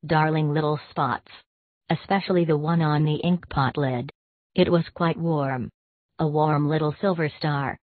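A woman giving a measured, expressive audiobook reading of a classic short story. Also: low voice, dry recording. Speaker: audiobook narrator. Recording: tinny, dry, phone-like sound.

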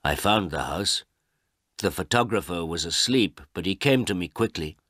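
Slow, deliberate male audiobook narrator. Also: sits low, expressive, fairly bright tone, no echo, studio quality. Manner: slow and deliberate, plain sentences. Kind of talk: slow, clear reading of a first-person story.

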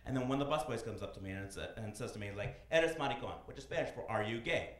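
A man in his thirties performing a stand-up comedy set on a club stage, animated and slipping into loud voices for his characters. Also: fairly low pitch, rapid-fire. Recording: echoey club room.

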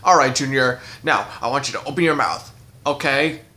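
A man's voice: medium pitch, normal speed, sharp tone, echoey room, natural voice. A man voicing a well-meaning, bumbling chef in a puppet show who rambles and trips over his words. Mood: goofy.

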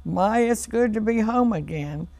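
A woman's voice: medium pitch, expressive, a little slow, vocal fry, dark tone, voice pushed up. A woman reading the part of a tiny polite man who wants to get home, in a children's storybook reading. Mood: polite, pleading. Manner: pleading, polite.

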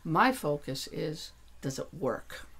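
Her voice sits low, gravelly, fairly bright, and breathy, with lively intonation and a slow pace. A New Hampshire author and energy worker on as a guest, she talks casually about her spiritual work, bluntly and emphatically, swearing as she turns heated and insistent.

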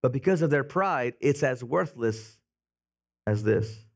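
A man pastor preaching a sermon in a church, telling Bible stories with animated voices for the characters. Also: mid-range voice, unhurried, creaky. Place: church sanctuary.

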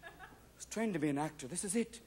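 A man in his thirties performing a stand-up comedy set on a theater stage, animated and quick to slip into mock voices. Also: fairly high pitch, husky. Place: theater stage before a live audience.

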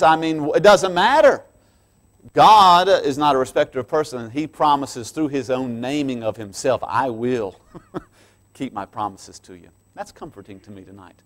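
A man's voice: mid-range voice, normal speed. Folksy preaching pastor, man. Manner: folksy, conversational preaching with asides to the congregation; swings from quiet asides to loud emphatic stresses. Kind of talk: midweek sermon.

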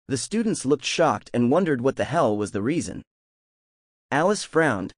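Male narrator for a novel audiobook, lively reading, dry booth sound. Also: medium pitch, normal speed, dry recording.

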